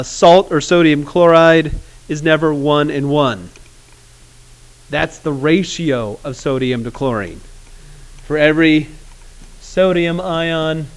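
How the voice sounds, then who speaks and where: Guy teaching chem to his class, kinda high voice, jokey, pauses a lot. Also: steady tone, clear, resonant tone. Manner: casual, joking, with awkward pauses. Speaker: chemistry teacher. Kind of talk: classroom lecture.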